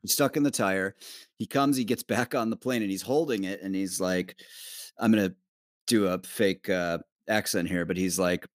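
A man's voice: low voice, moderate pace, no echo, studio quality. A man, a documentary producer guest, telling a loose travel story with fillers and swearing. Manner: loose, profane, many fillers. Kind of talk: casual storytelling chat.

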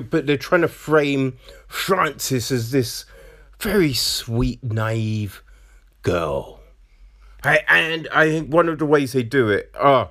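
A man's voice: medium pitch, fairly bright tone. A man casually talking through a film, chatty and often tagging his points with "right?". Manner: chatty, keeps asking "right?", slips into mocking voices. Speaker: film reviewer.

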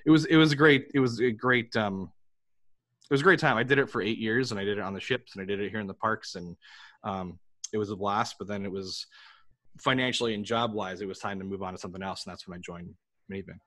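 A fairly low-voiced man from New York chatting as a podcast guest. He tells stories animatedly and restarts his sentences often. His pacing is loose and conversational. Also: fast. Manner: animated storyteller, frequent restarts. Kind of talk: casual interview chat.

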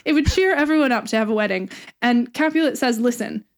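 Chatty woman co-host, irreverent plot recap, bright higher voice. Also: fast. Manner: chatty, laughing, paraphrases lines irreverently. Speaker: podcast co-host retelling a play. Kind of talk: casual chat.

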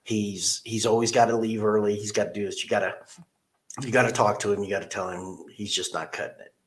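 Middle-aged man, low voice, earnest plain-spoken storyteller, casual interview. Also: fairly even intonation, a little fast. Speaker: car dealership manager.

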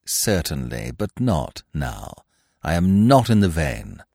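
Guy doing a smooth wordy gent, low voice, fake-sincere, dry close sound. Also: big pitch swings, moderate pace, a little mellow, no echo. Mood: mock-solemn. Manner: ornate, grave and mock-sincere. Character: suave, verbose young gentleman, mock-solemn.

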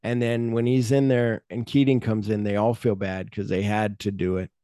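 A man's voice: fairly low pitch, little pitch movement, normal speed, warm tone, clear, resonant tone, no echo, clean studio sound. A middle-aged man hosting a podcast, retelling movie scenes in casual chat and swearing freely. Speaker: podcast host.

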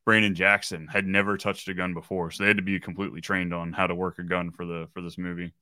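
A man co-hosting a casual movie podcast, talking in an animated, joking way with casual swearing. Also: low-pitched, no room sound. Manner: animated, swearing, quick jokes. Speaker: podcast co-host. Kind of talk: casual movie-review chat.

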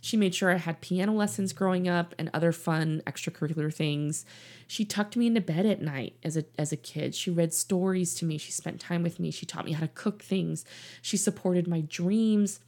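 A middle-aged woman talks earnestly into the mic in her office, coaching her listeners through personal stories. Her voice sits fairly low and has a gravelly fry. Her delivery is gentle and instructive. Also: normal speed. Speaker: podcast host and life coach. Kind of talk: reflective podcast monologue. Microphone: studio mic in her office.

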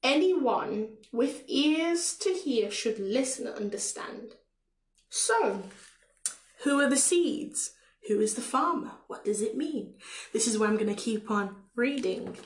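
A woman's voice: fairly high pitch, slow pace, roomy sound, low-quality recording. A woman with a Caribbean accent giving a casual devotional talk, reading scripture aloud with many fillers and asides. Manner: relaxed, with frequent fillers and self-asides. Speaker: podcast preacher.

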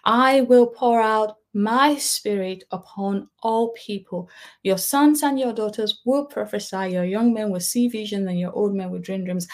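A woman leading an online prayer meeting and preaching, earnest, rising on key phrases and softening at the ends. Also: mid-range voice. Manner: earnest, rising on key words then dropping soft. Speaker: prayer leader. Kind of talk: prayer and sermon.

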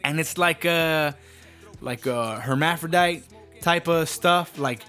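A man tears through a profane comedic rant, brash and blunt. His voice sits a little high for a man, and soft music plays faintly behind him. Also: slow pace, clear, resonant tone.

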